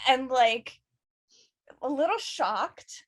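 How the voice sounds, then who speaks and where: A woman narrating her character in a tabletop role-play, animated and quick to laugh. Her voice is high. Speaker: player.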